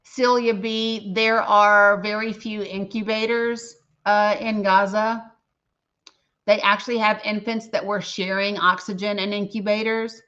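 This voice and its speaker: The woman's medium-pitched voice is fairly bright but level, moving a little slowly as she hosts a casual livestream. She talks earnestly and emotionally, reading names from the chat, over slightly dull lo-fi sound.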